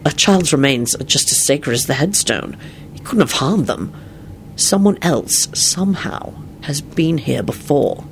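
A reader doing a quiet, weary werewolf man. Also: medium pitch, lively intonation, a little slow, a little hiss or hum. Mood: hushed. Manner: quiet, firm, hoarse at times. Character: weary grown man, a werewolf, steady under strain.

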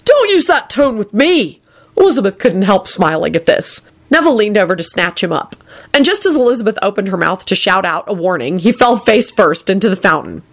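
A woman narrating a story aloud in an expressive storytelling manner. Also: mid-range voice, brisk.

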